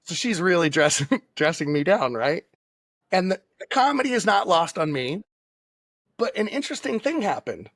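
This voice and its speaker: A man with a somewhat high voice tells a personal story as a podcast guest, animated and quick to act out what others said. He keeps checking in with his listener through little tag questions. The sound is close and dry, with no room around it. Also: dry recording. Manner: animated anecdotes, acts out quoted lines; frequent tag questions like right and okay. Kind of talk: casual storytelling.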